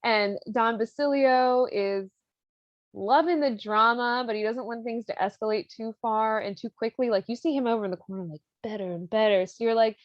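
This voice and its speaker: A woman's voice: a little high, fairly even intonation, normal speed, no room sound. A young woman hosting a podcast, retelling a story in a casual, irreverent way with slang and the odd swear word. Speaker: podcast host. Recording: dry, slightly dull lo-fi sound.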